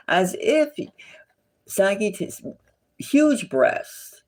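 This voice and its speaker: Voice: medium pitch, sing-song, takes it slowly, long pauses. A psychic tarot reader giving a casual gossipy reading, indignant and repetitive, sometimes dropping to a whisper.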